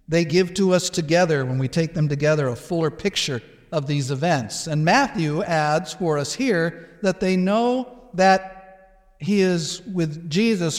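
A pastor explaining a passage in a measured sermon, with restarts and small asides. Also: male voice, high-pitched. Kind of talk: expository sermon. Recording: long hall reverb.

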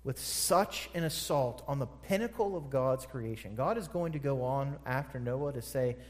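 A man's voice: mid-range voice, lively intonation, moderate pace, a little mellow. A man preaching a sermon, emphatic and repeating phrases for stress. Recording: long hall reverb.

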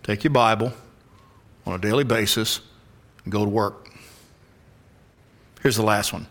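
A male pastor preaching an expository sermon, emphatic, sometimes dropping to a hushed whisper for stress. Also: fairly low pitch, measured pace, long pauses.

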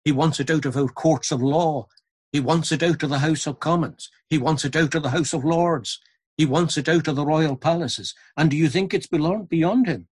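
Husky-voiced man preaching. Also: fairly high pitch, moderate pace, a little mellow. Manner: earnest, building to emphatic repetition. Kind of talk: sermon.

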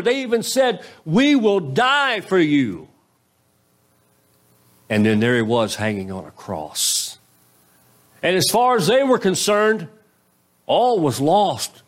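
Man preaching with sweeping pitch swings. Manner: conversational preaching with rhetorical questions; pitch swings widely between raised and low. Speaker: pastor. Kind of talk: sermon.

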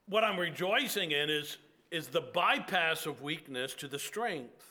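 A man preaching a sermon in an earnest, reflective way, with slow, drawn-out pauses. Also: fairly high pitch, animated, bright, forceful tone.

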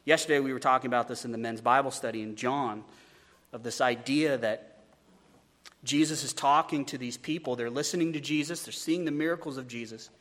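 A man's voice: medium pitch, brisk, fairly bright tone, big-room sound. A man preaching a sermon as a pastor, conversational, with stumbling repeats and joking asides.

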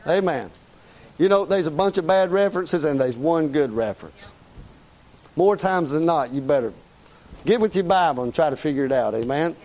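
A man's voice: fairly high pitch, normal speed, a little mellow. A man preaching a sermon in a folksy, conversational way, often asking "Amen?".

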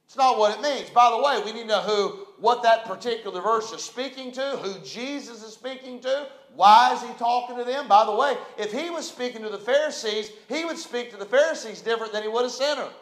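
High-voiced pastor preaching. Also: male voice, a little fast, hardly any pauses, fairly bright tone. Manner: preaching with call-and-response, dramatic swells. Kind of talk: sermon. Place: church sanctuary. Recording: echoey church room.

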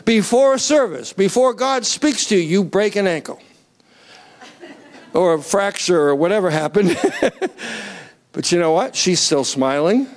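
A man preaching a sermon to a congregation in an animated way, asking for raised hands and building up to near-shouts. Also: sits high, measured pace, long pauses. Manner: asks the crowd to raise hands.

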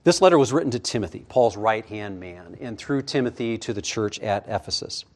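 A man delivers a sermon from the pulpit in a measured, teaching manner. His voice sits on the low side and falls quiet at the close of each point. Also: animated. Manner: measured expository preaching, drops low and soft at phrase ends. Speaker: preacher.

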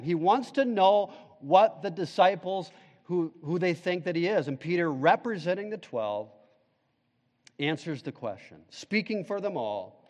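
A man's voice: high voice, expressive, a little slow, darkish tone, in a large hall. A male pastor preaching a sermon, emphatic, putting questions to the congregation.

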